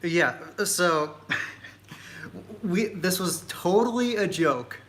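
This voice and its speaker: A man co-hosting a casual travel live stream on a phone, easygoing and measured. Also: sits high, animated, fairly bright tone. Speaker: travel vlog co-host.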